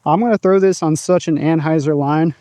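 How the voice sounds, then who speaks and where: Man, casual outdoor vlogger, chatty and upbeat, warm dry voice. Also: fairly high pitch, fairly even intonation, brisk, no room sound. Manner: upbeat, chatty, narrating his own throws. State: out of breath at times. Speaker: disc golf vlogger. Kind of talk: casual outdoor vlog commentary. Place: open field outdoors.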